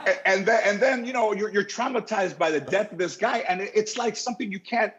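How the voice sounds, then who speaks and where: Husky rambling storyteller, lo-fi. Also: male voice, sits high, a little fast. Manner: rambling, animated storyteller with frequent restarts. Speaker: talk show guest. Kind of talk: casual storytelling.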